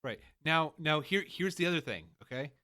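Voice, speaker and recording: Co-hosting a relaxed podcast conversation, a married adult man speaks at a moderate pace in a fairly high, expressive voice that is bright and forceful. He goes on at length, stating his rules with strong emphasis.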